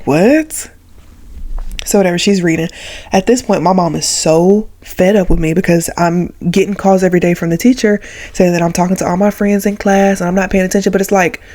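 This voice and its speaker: A woman's voice: lowish voice, dark tone. A woman in her twenties telling a childhood story to her vlog audience in a casual, chatty way, acting out quoted voices. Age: 20s. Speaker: vlogger.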